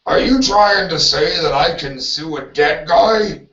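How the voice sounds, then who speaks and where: A man doing an impression of a gruff, indignant middle-aged ex-wrestler turned politician. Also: fairly high pitch, measured pace, a bit bright. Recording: roomy, distant, dull lo-fi audio.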